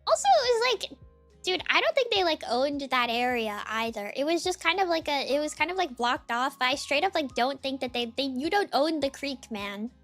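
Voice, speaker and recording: A woman's voice: sits high, big pitch swings, normal speed, a bit bright, soft background music. A young woman streaming casually, greeting viewers one by one in a sing-song lilt and rambling with lots of "like" and "dude".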